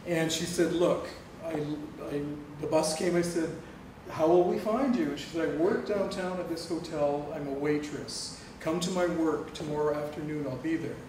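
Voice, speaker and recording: A man's voice: fairly high pitch, moderate pace. A middle-aged man telling a personal story to an audience, acting out the dialogue and laughing often. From Canada. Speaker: guest speaker. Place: lecture hall on a campus. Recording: distant, echoey room recording with noise.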